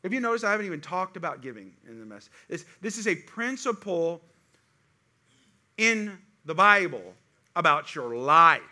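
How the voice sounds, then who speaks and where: A middle-aged man preaching a sermon to a congregation, with animated call-and-response delivery. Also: high-pitched, moderate pace. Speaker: pastor.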